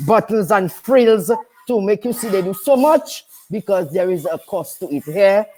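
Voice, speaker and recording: A woman's voice: mid-range voice, expressive, normal speed, mellow, faint music behind. An older woman, a nurse and midwife from Dominica, chatting as a radio guest in an emphatic way, firmly repeating her no's. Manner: emphatic, repeats herself, firm "no, no, no". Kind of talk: casual radio chat.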